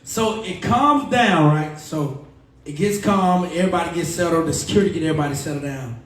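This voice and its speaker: Male radio guest, animated storyteller, off-mic in a roomy space. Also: on the high side, a little fast. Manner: lively slang-heavy storytelling. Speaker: radio personality, podcast guest. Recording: echoey room, distant mic.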